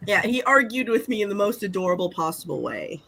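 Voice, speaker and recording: A woman co-hosting a casual chat, reading a story aloud and commenting with animated indignation. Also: mid-range voice, a little fast, gravelly, rough recording.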